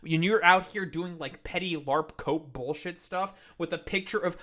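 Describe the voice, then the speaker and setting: A man's voice: fairly high pitch, normal speed, a bit bright. A man co-hosting a livestream, ranting with heavy profanity. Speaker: co-host.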